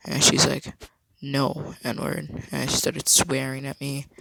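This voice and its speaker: Flat gravelly man telling a story. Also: normal speed, heavy background noise. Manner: low-key, rambling storytelling. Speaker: vlogger. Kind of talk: casual story time.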